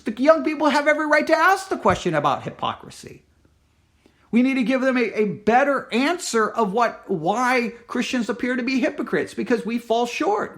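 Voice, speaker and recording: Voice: mid-range voice, fairly bright tone. A Christian commentator reads a news article aloud and comments on it in an emphatic, impassioned way, with frequent restarts and acted-out quotes.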